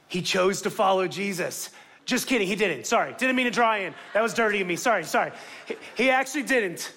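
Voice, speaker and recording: A high-pitched man preaching with lively energy, rising sharply in pitch and volume when he drives a point home. He tells stories in a casual, conversational sermon voice, from Miami. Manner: animated storytelling, jumps up in pitch for emphasis. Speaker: pastor.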